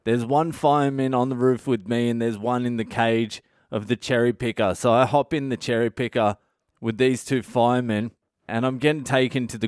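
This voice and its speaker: A man's voice: mid-range voice, clear, resonant tone, no echo, studio quality. Sweary man telling stories. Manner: sweary, animated storytelling, acting out the quoted voices. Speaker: comedian podcast host. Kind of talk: comic storytelling monologue.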